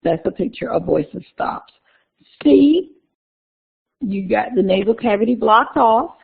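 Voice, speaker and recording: A woman's voice: medium pitch, animated, a little slow, creaky, breathy edge. Woman lecturing over a tinny recording. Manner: conversational, repeats key terms, talks through slides. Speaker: instructor.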